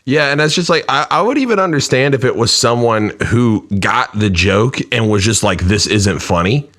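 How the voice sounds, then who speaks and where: A man's voice: mid-range voice, animated, moderate pace, a bit bright. A man co-hosting a casual podcast, rambling with lots of "like" and swearing. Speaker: podcast co-host and rapper.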